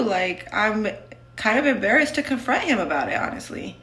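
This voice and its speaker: A woman's voice: fairly low pitch, normal speed, sharp tone. Blunt, candid woman in a roomy space. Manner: candid and blunt, with many fillers of "like". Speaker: vlogger telling her own story. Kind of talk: casual storytime monologue.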